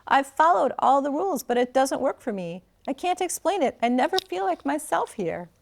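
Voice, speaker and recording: A woman's voice: sits high, sing-song, moderate pace, vocal fry, full character voice. A woman reading the lines of an earnest teenage girl student who answers with guarded, wry defensiveness.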